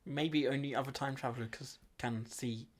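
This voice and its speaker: A man's voice: medium pitch, fairly even intonation, normal speed. Teasing man in casual chat. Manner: teasing, laughs often. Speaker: podcast co-host.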